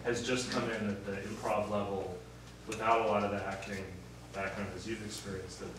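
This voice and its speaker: A man's voice: fairly low pitch, little pitch movement, a little fast. A man interviewing, asking long, hesitant questions and thinking aloud. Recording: distant echoey recording with clear noise.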